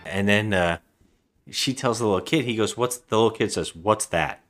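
A man's voice: fairly low pitch, moderate pace, a bit bright, soft background music. A man co-hosting a podcast, casually recapping a movie in a rambling way, acting out the characters' lines. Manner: rambling, acts out lines in voices. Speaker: podcast co-host.

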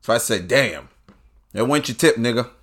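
A man delivering a profane political rant to his audience. His tone swings between loud bursts and low, drawn-out asides. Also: lively intonation.

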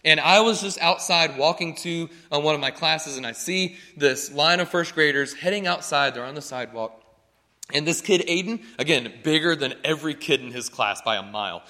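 A pastor delivering a chatty, joking sermon, often checking in with the congregation. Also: male voice, fairly high pitch, moderate pace, sharp tone, long reverb tail. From North Carolina.

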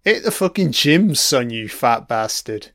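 A man's voice: medium pitch, very animated, measured pace, a bit bright, dry recording, clean studio sound. A man giving a crude, mocking running commentary on a film, swearing heavily as he reacts.

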